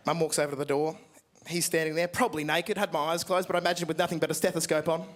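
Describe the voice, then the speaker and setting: A young Australian man in his twenties performing a stand-up comedy set, telling a story with lively acted-out voices and frequent swearing. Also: on the high side, fast, heavy background noise. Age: 20s. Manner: animated storytelling, acts out voices, swears freely. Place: large theatre stage with an audience.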